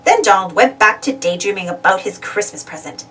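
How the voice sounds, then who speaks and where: A woman reading a children's storybook aloud, expressive and animated, a little away from the mic. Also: medium pitch, brisk, recorded from a distance, slight background noise, rough recording. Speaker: storybook reader.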